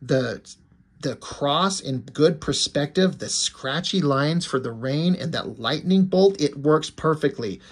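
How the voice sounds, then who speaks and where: A man's voice: a little high, animated, slow pace, slight background noise. A man casually reviewing a comic book, enthusiastic and swearing freely, with many fillers. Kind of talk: casual comic review, reading quoted dialogue.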